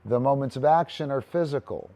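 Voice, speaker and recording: A man's voice: mid-range voice, fairly quick, dark tone. A man teaching a casual online disc dog training session, talky and loose, breaking into cheery cues to his dog.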